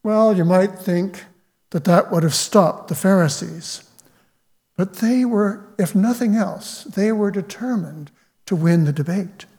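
Slow, high-voiced preacher in a reverberant hall. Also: male voice, darkish tone. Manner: measured, reflective preaching with quoted scripture. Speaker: pastor. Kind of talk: sermon.

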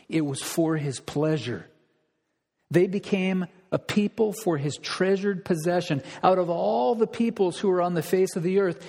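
A man's voice: sits high, a little mellow, slightly rough, in a large hall. A man preaching a sermon as pastor, asking rhetorical questions and repeating key phrases for emphasis.

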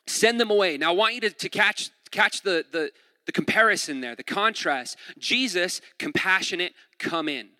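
Guy preaching, casual and chatty, bright forceful voice, big hall reverb. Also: sits high, lively intonation, moderate pace, clean studio sound. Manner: casual, uses "like" often, repeats words. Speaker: pastor. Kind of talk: conversational sermon.

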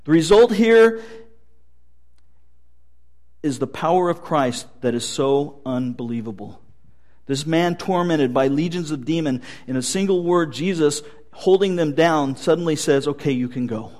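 Male pastor, fairly high voice, storytelling sermon with light jokes. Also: animated, unhurried, a little mellow.

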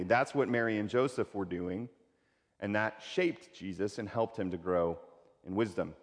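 A pastor preaching a sermon in a conversational way, repeating key phrases for emphasis. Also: male voice, fairly low pitch, normal speed, long reverb tail.

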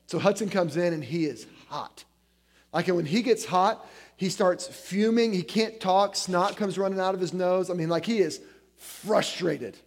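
Guy preaching a sermon, kinda high voice, chatty, says like a lot, tells stories. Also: a little slow. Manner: conversational, many "like" fillers, animated storytelling. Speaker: guest preacher.

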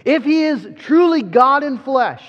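A preacher delivers a sermon in a strikingly high voice, earnest and emphatic, somewhat slow and expressive. He stumbles and repeats words as he builds each point. The audio is dull and muffled, with a long reverb trailing him through a large hall.

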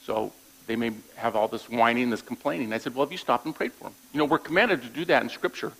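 Male pastor, gravelly mid-pitched voice, plainspoken conversational sermon delivery. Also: fast talker, fairly bright tone, poor audio. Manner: conversational preaching with frequent "all right?" check-ins; repeats words when restarting thoughts.

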